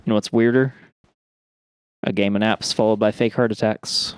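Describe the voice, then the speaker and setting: A man's voice: lowish voice, steady tone, moderate pace, clean tone, dry recording, studio quality. A man co-hosting a casual comedy podcast, reading show plugs in a laid-back way. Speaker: podcast producer and co-host.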